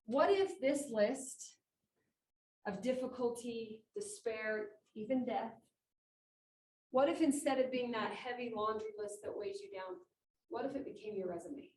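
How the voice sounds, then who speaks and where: A woman giving an inspirational talk at a conference, animated and acting out quotes, in a meeting room with about twenty people. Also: on the high side, moderate pace. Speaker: conference speaker. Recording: echoey room, mic far off, faint noise.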